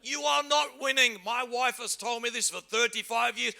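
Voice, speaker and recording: A middle-aged man, preaching a humorous sermon that acts out everyday scenes and bursts into shouts for emphasis. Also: very high-pitched, steady tone, normal speed, gravelly, few pauses. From England. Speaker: pastor.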